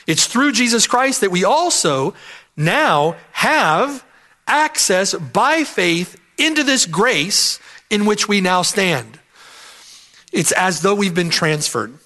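Male preacher, high and bright voice, emphatic verse-by-verse sermon with lots of repetition. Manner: emphatic, repeats key phrases, asks "right?". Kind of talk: expository sermon.

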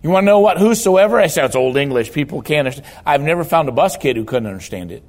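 A man's voice: medium pitch, lively intonation, rapid-fire. Emphatic preacher man. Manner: emphatic storytelling preacher, repeats key words for stress. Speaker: pastor. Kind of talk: sermon.

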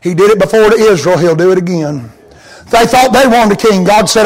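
A pastor preaching a sermon to his congregation, swinging from soft, intimate tones to high, chanted, fervent appeals. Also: fairly quick, low-quality recording.

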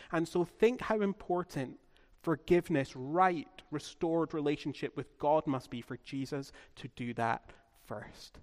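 Male pastor, sermon delivery, slightly high voice, repeats lines for weight, long hall reverb. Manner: emphatic repetition of key phrases.

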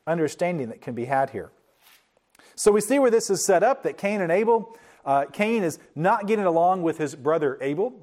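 A man preaching a sermon in an earnest, explanatory way, slowing down to stress key words. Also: a little high, darkish tone.

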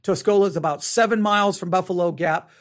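A man's voice: high voice, fast. A middle-aged man from West Texas, rambling conversationally on a podcast with wry asides. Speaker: podcast host. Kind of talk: casual monologue podcast.

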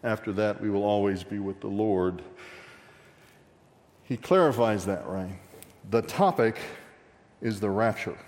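Lively preacher in an echoing hall. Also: male voice, fairly low pitch, a little slow, long pauses. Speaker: pastor. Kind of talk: expository sermon.

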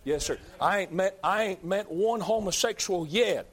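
Preacher, man, high voice, emphatic, repetitive, loud at the peaks. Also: moderate pace, husky. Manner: emphatic, repeats lines, builds to shouts. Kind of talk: fiery sermon.

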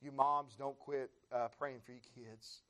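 An American man preaching a sermon in a church, building his repeated phrases up into fervent shouts while the congregation answers with amens. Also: medium pitch, fairly even intonation, measured pace. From United States. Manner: rising to fervent shouts, repetitive rhythmic phrasing.

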